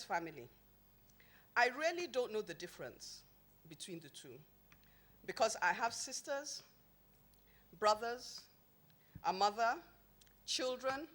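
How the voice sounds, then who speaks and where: A woman, a company founder, speaking at a podium microphone before an event audience, mixing a formal speech with humorous, emphatic anecdotes. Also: medium pitch. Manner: humorous storytelling, emphatic and lively.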